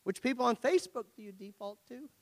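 Man preaching, high voice, gravelly edge, long reverb of a church hall, chatty rhetorical style. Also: fast talker. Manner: conversational preaching with rhetorical questions and humour. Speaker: pastor. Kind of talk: sermon.

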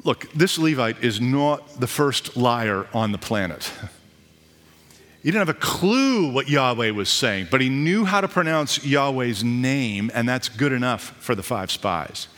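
A man, a pastor, preaching a sermon in a lively, conversational way with casual asides and jokes. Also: medium pitch, a little slow. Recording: long reverb of a hall.

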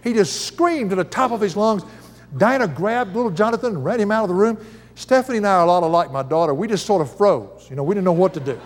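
Older man, folksy preacher, higher voice, long reverb around him. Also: fast. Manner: folksy, chuckling storyteller. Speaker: Bible teacher. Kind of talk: sermon with personal stories.

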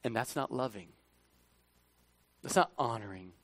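A male pastor giving a conversational sermon, animated, swinging from hushed asides to loud, emphatic bursts. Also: medium pitch, measured pace, no echo.

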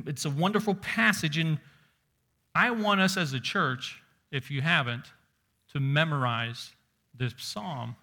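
A man's voice: mid-range voice, vocal fry, bright, forceful tone. A man preaching a sermon as pastor, emphatic and stressing single words, reading scripture aloud with rising force.

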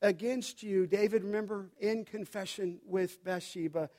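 A man's voice: sits high, steady tone, normal speed, warm tone. A man preaching a sermon as pastor to his church, telling stories, acting out the dialogue and putting questions to the congregation. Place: church sanctuary.

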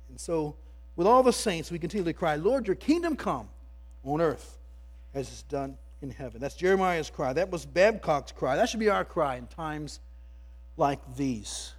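A man's voice: fairly high pitch, expressive, moderate pace, husky. A man preaching a sermon as pastor, emphatic, repeating words as he builds his points.

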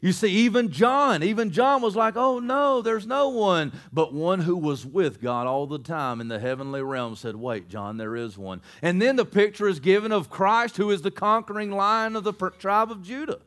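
Fast-talking high-voiced male preacher. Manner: fast-talking, animated teaching with rhetorical questions. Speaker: pastor. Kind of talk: sermon.

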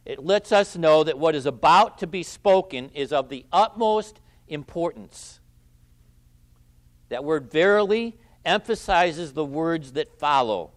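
A man preaching an expository sermon, who stresses key phrases loudly, repeats them and lets his phrase endings drop quiet. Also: a little high, lively intonation, measured pace. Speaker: pastor.

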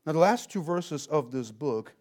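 High-voiced man preaching animatedly. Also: normal speed. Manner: animated, emphatic, rhetorical questions. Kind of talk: expository sermon.

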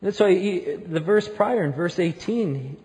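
A man's voice: high voice, expressive, unhurried. Man preaching in an echoing hall. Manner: storytelling, building to loud emphatic peaks. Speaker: pastor. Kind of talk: sermon.

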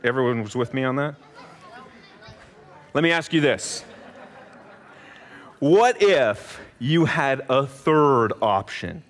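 A man preaching an animated, playful sermon, asking the audience questions and acting out little voices. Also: medium pitch, slow pace, long pauses, a faint crowd. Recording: long hall reverb.

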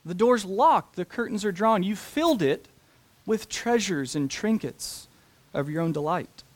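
A man preaching a sermon, talking deliberately and slowing down to stress key phrases. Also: high-pitched, animated. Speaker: pastor.

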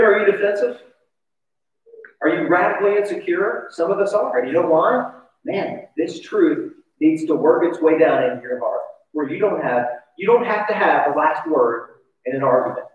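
A pastor giving a sermon in a conversational, confessional way, often asking his listeners questions. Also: high voice. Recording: distant, echoey, dull church recording.

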